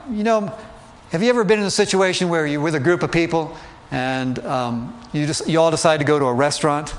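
Guy preaching a laid-back sermon, kinda high voice, jokes around and keeps asking the crowd stuff. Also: a little hiss or hum. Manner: chatty, asks the listeners questions, light humor. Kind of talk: conversational sermon.

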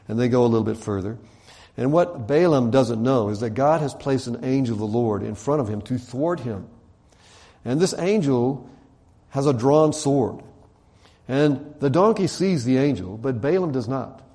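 A man delivers a sermon in a loose, conversational storytelling style. His tone is mellow and dark, and he animates the quotes and leans on casual fillers. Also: medium pitch. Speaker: preacher.

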